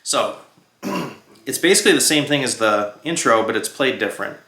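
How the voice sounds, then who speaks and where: A man teaching a guitar lesson in a relaxed, chatty way, humming and counting out strum rhythms as he plays. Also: medium pitch, normal speed. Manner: relaxed, chatty, sings and hums rhythms while playing. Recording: roomy sound with loud guitar playing. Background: his own electric guitar.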